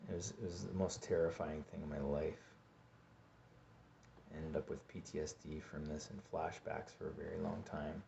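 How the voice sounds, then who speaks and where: A man vlogging a personal story, halting and repeating himself as he acts out his own pleas. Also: extremely low pitch, level tone, creaky, mellow, a little hiss or hum. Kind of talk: personal story told to camera. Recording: dull lo-fi recording.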